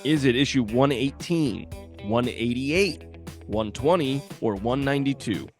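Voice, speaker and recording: A man's voice: mid-range voice, animated, measured pace, faint music behind. A man co-hosting a podcast, chatting casually, joking, laughing often and swearing. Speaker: podcast co-host. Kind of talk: casual chat.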